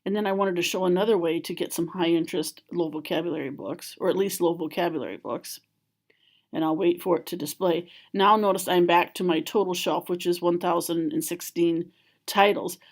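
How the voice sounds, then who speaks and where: A woman calmly walking through a software tutorial step by step, as a school library trainer. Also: lowish voice, a little fast. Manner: calm, step-by-step explaining. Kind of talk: screen-recorded software tutorial.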